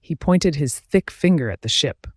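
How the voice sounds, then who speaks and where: A man narrating a classic novel as an audiobook, in a clear, expressive storytelling manner. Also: a little high, normal speed, dry recording.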